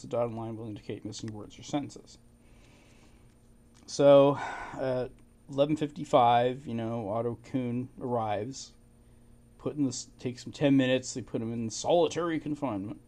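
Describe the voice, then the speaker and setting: A man's voice: mid-range voice, normal speed, darkish tone. Chatty man recapping old files. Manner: informal, chuckling asides, fillers like "you know". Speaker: amateur history narrator. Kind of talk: casual narration of archive documents.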